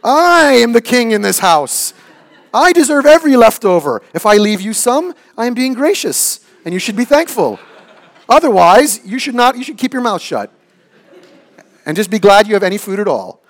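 A preacher voicing a selfish, bossy father who calls himself king of the house and talks down to his family in a loud, haughty tone. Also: sits high, big pitch swings, normal speed, voice pushed up.

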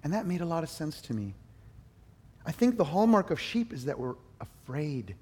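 Middle-aged man, pastor preaching, lively storytelling, fairly high voice. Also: moderate pace, breathy edge. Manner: storytelling, animated, rising to high emphatic bursts. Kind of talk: sermon.

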